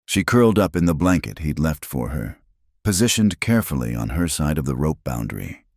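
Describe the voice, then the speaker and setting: A man narrating a Western story in a calm, measured, scripted style. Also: rumbling low, dry recording, studio quality.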